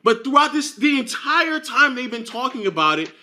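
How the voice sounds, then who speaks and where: A man argues heatedly, forceful and profane, and hammers his points again and again. His voice sits high and rings bright. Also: very animated, moderate pace, slight background noise. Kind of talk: heated argument.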